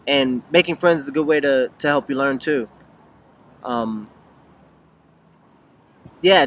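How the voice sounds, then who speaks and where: A man's voice: a little high, a bit bright. Casual young man answering questions. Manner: thoughtful, many ums and restarts. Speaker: vlogger answering viewer questions. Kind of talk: casual talk to camera. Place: lives in Beijing.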